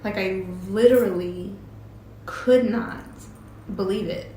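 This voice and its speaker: A woman's voice: mid-range voice, takes it slowly, warm tone, slight background noise. Chatty woman telling a story in a roomy space. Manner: chatty, recounts conversations with frequent "I'm like" and laughs. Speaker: host telling a personal story. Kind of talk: casual personal storytelling. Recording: roomy echo with faint ambience.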